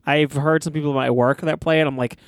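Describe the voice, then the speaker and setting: A man co-hosting a casual podcast, talking in an animated, joking way and laughing often. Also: on the high side, fast talker, no echo, studio quality. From Jersey Shore. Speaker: podcast co-host. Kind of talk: casual chat.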